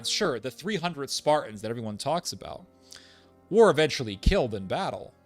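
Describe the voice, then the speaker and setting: A man's voice: medium pitch, fairly bright tone. Emphatic man delivering a political monologue. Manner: emphatic, repeats points, sarcastic asides. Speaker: political commentator. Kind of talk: opinionated monologue.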